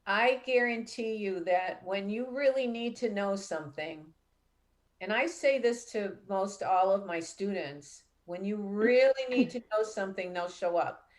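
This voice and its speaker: A middle-aged woman hosting a live call-in show as a psychic medium, telling a personal story in a chatty, animated way. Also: medium pitch, measured pace. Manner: chatty, animated when retelling dialogue.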